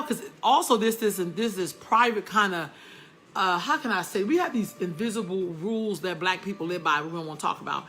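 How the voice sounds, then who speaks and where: A middle-aged woman hosting a candid monologue, blunt and animated, often laughing as she talks straight to her viewers. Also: mid-range voice, moderate pace, faint music behind. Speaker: host.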